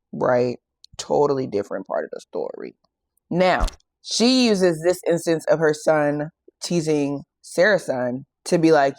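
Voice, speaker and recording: A woman hosting a faith and fitness channel who retells a Bible story in a casual, animated way and acts out the quoted lines. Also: sits low, no room sound, studio quality.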